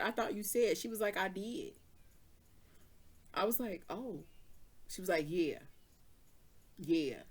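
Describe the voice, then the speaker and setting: Slangy, animated woman telling a story. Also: lowish voice, breathy edge. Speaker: tarot reader. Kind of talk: casual tarot reading and storytelling.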